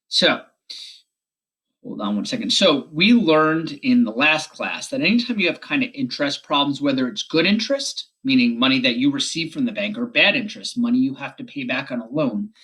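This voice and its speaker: A man teaching a math lesson on a recorded video, explaining quickly and correcting himself as he goes. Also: medium pitch, pushed and bright, breathy edge.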